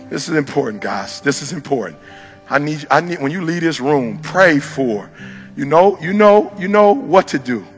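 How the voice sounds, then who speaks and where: A man giving a live motivational speech to an audience in a room, preaching with rhetorical questions and swinging from shouts to hushed storytelling. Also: fairly high pitch, long reverb tail. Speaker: motivational speaker.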